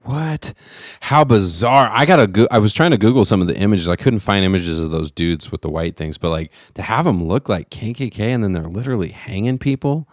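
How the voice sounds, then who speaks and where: Deep-voiced laid-back male podcast co-host. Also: no room sound, clean studio sound. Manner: relaxed, laid-back slang, quick to react. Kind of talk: casual chat.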